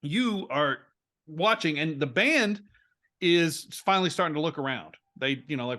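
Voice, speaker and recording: A man with a higher-leaning voice, speaking at normal speed, narrates as game master of a tabletop role-play game. He tells the scene with animation, restarting often.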